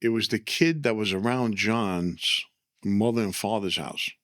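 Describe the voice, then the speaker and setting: A man, an animated storyteller who keeps repeating himself and asking "right?" as he recounts a story in casual chat. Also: on the low side, measured pace, no echo, clean studio sound. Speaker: former mobster guest.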